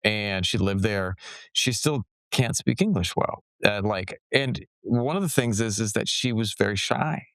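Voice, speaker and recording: A man's voice: on the low side, measured pace, dry recording. A man hosting a podcast, telling stories casually with frequent laughs and lots of filler "like". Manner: animated storyteller, laughs often, lots of "like". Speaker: podcast host.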